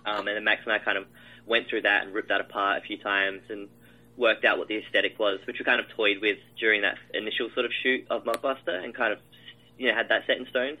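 Male director, slightly low, bright tone, rambling interview answers full of ums. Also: rough recording. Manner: rambling, many fillers and restarts, laughs often. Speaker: film director. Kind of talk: casual interview.

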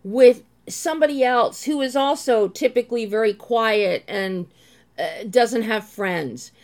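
A woman with a fairly high voice interviews a film director. She speaks at an unhurried, measured pace and frames her questions with warm praise for the work.

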